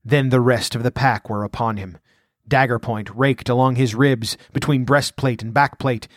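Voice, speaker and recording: A man's voice: medium pitch, fairly even intonation, no echo, studio quality. Man narrating a sword epic. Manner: measured, dramatic reading. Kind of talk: audiobook narration.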